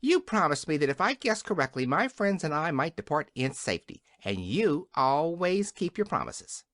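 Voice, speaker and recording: Man doing a smart little hen, quick and sassy, a bit higher, storybook voice. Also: big pitch swings, fairly bright tone, no echo, studio quality. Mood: pert. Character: clever talking female hen.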